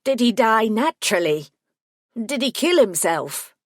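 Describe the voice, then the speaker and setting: A woman voicing a prickly male gremlin solicitor who talks in a sharp, scornful, clipped way. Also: fairly high pitch, sing-song, a little slow, no room sound, clean studio sound, voice pushed up. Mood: shaken.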